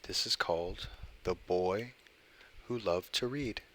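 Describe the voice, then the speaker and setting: Male streamer narrator for creepypastas: slow and deliberate, bright forward tone, casual asides to chat. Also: low-pitched. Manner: deliberate, pausing between words, chatting with viewers. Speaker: livestream host reading creepypastas. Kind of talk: casual stream reading of short horror stories.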